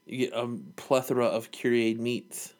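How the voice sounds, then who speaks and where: A man's voice: medium pitch, flat delivery, measured pace, a little mellow. A man co-hosting a casual podcast, laid-back and joking dryly, laughing often. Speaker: podcast co-host. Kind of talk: casual chat.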